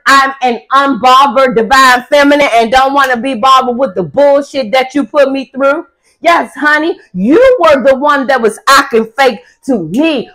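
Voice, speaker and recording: A young woman talks through a casual tarot reading in a high voice, taking her time over each phrase. She is blunt, sassy and profane, and now and then she bursts out loud for emphasis. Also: low-quality recording. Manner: emphatic, often loud outbursts. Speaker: tarot reader.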